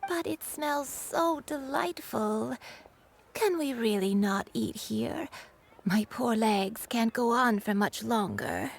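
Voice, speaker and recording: Forgetful old grandmother, creaky, very slow, confused, game voice acting. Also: a little high, very animated, a little hiss or hum, heavily acted. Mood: plaintive. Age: older.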